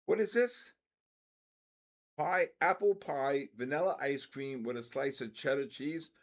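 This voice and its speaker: An older man hosting a livestream, chatting casually with viewers and reacting with animated, jokingly outraged exclamations. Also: medium pitch, moderate pace. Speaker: livestream trading host. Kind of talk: casual chat reading viewer comments.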